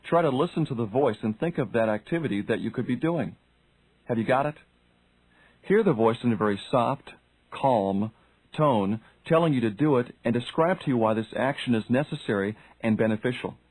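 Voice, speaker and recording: A man's voice: mid-range voice, a little mellow, breathy edge, no echo, low-quality recording. A man reading a self-help audiobook, speaking directly to the listener and asking questions. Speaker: audiobook narrator. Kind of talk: scripted self-help narration.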